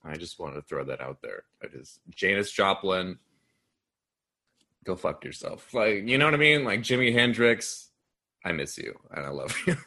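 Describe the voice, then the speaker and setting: A man's voice: deep voice, animated, moderate pace, pushed and bright. Laid-back man in his twenties. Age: 20s. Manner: laid-back, laughing, joking. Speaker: podcast guest. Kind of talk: casual chat.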